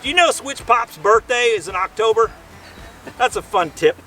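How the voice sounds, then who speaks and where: Man, high-pitched, folksy joking vlog host, outdoors, heard from a distance. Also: expressive, moderate pace, pushed and bright, faint music behind. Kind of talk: casual outdoor demo vlog. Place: outdoors by a vehicle.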